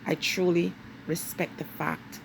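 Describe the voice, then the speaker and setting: A woman's voice: on the low side, flat delivery, gravelly, noisy background. A woman with a Jamaican accent giving a vlog monologue in an emphatic, lecturing way, leaning hard on key words. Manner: emphatic, lecturing, drawn-out stresses. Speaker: vlogger. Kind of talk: direct-to-camera monologue.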